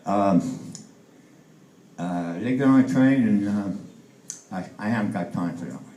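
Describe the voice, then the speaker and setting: A man's voice: lowish voice, a little slow, warm tone, reverberant, slight background noise, rough recording. A man in his eighties doing stand-up for the first time, telling jokes with many fillers and restarts and raising his voice for the punchlines. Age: 80s. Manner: acts out the punchlines in a raised voice. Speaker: stand-up comedian. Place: comedy club stage.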